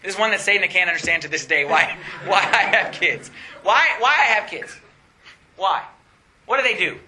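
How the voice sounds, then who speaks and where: Bright, animated young male preacher. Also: normal speed. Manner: animated, laughing often, rising to excited pitch. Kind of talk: sermon.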